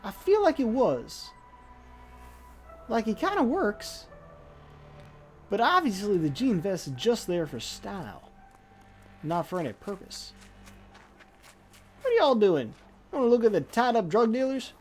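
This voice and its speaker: A woman's voice: medium pitch, very animated, unhurried, pauses often, a little mellow, faint music behind. A woman streaming a game live, talking to the characters in a made-up drawling accent with folksy slang, impatient and swearing. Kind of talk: live gameplay commentary.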